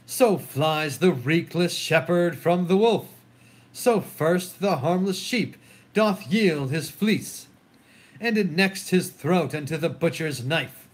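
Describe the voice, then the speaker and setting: A man's voice: on the high side, lively intonation. A man reading a sorrowful deposed king. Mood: mournful. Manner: mournful, measured verse. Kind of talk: solo dramatic reading of a play.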